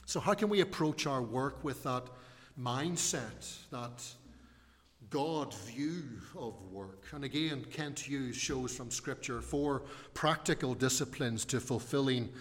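A man delivers a sermon at a middle pitch, earnest and measured, slowing down to press home each point. His voice rings out with the long reverb of a church hall. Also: fairly bright tone. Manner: earnest, measured preaching with slow emphatic stresses. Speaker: preacher.

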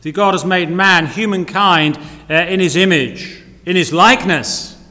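A man's voice: high-pitched, unhurried, bright, forceful tone. A man preaching a sermon, earnest, repeating key phrases and asking rhetorical questions. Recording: long reverb of a hall.

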